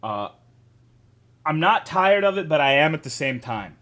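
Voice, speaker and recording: A man's voice: fairly high pitch, big pitch swings, measured pace, a bit bright. A man streaming live, chatting casually with his chat, greeting viewers and swearing a lot while joking around.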